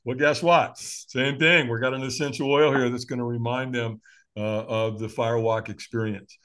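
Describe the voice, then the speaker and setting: A man's voice: medium pitch, fairly even intonation, normal speed, a bit bright. A man in his late sixties telling stories in an interview, acting out quoted voices and laughing often. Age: 60s. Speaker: guest. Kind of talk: animated storytelling interview.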